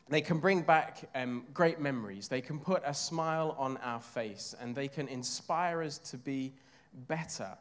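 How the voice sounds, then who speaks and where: Chatty English preacher with a congregation. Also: male voice, medium pitch. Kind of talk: sermon.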